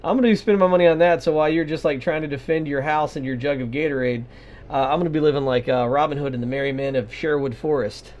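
A man's voice: fairly high pitch, fairly even intonation, fast talker, a little mellow. Sarcastic rambling man, lo-fi podcast. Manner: sarcastic, rambling with fillers and mock voices. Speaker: podcast co-host. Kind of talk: casual profane banter. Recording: dull lo-fi podcast audio.

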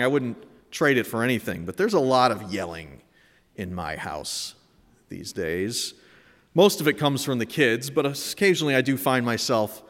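A man's voice: mid-range voice, a bit bright. A man in his thirties telling a personal story with candid, humorous asides. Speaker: speaker. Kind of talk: personal reflective talk. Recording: echoey hall.

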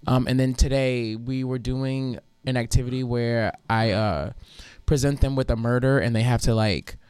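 A man's voice: medium pitch, moderate pace, clear, resonant tone, dry recording. Chatty young man telling stories, dry mic. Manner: animated storyteller, laughs a lot, swears casually. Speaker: teacher and podcast co-host. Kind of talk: casual chat, storytelling.

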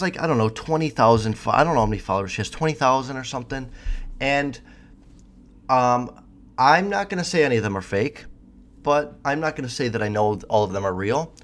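Cocky, swearing young man ranting. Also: medium pitch. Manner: profane, cocky, rambling with restarts. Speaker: vlogger. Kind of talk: casual monologue to camera.

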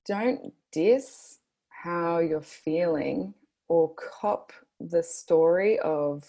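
A woman in her twenties with an Australian accent, a guest talking casually on a podcast, earnest and quick to laugh. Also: fairly low pitch, mellow. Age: 20s. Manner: earnest, laughs often, speaks slowly when stressing a point.

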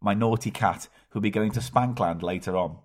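A man co-hosting a comedy podcast, trading quick, dry, teasing banter. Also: lowish voice. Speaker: podcast co-host. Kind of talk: casual comedy chat.

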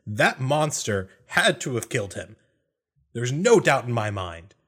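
A man's voice: medium pitch, big pitch swings, measured pace, a bit bright, husky, exaggerated voice. A man voicing a brash, impatient male character who bluntly demands answers. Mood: accusing. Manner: blunt and insistent. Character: brash, impatient male rival accusing others.

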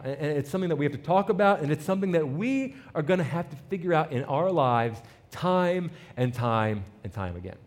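A male pastor giving a conversational sermon, informal and prone to repeating words as he builds a point. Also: high-pitched.

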